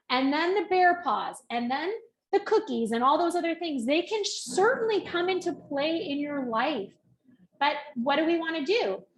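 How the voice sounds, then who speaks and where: Chatty high-voiced woman coaching. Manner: chatty, animated, acts out little quoted voices. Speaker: fitness coach. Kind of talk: casual coaching talk to camera. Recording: echoey room.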